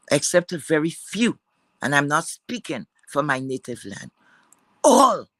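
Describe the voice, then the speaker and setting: In a dry, poor-quality recording, a woman with a low voice and a Caribbean accent rants angrily at her viewers. She's scornful and profane, repeating words for emphasis.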